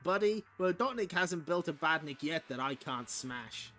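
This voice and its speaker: A man giving voice to a cocky young hedgehog hero who sounds sure of himself. The voice is bright and lively, pitched a little high. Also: measured pace, faint music behind.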